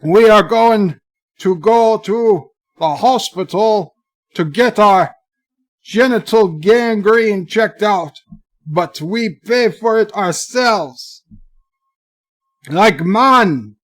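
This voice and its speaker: A man voicing a boastful redneck character, slow and loud with a drawl. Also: high voice, voice pushed up.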